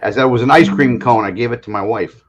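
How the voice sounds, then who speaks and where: A man's voice: medium pitch, fast talker, crowd noise. A man from Michigan joining a casual live video chat as a guest, making dry jokes. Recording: dull lo-fi sound.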